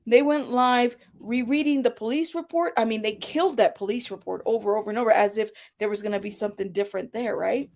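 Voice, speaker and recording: A woman's voice: fairly high pitch, fast, few pauses, a little mellow. Blunt, profane woman commentator. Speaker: commentary channel host. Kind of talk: casual commentary.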